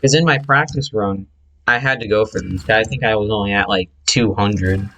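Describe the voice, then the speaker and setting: A man's voice: fairly low pitch, moderate pace, sharp tone, poor audio. A man who speedruns, casually explaining his own run over replay footage, chatty and correcting himself as he goes.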